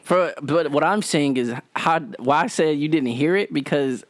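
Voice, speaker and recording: A man co-hosts a podcast in casual chat among friends. His voice sits a touch high, and he lays out his point step by step, insisting on it. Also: moderate pace, dry recording. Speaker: podcast co-host.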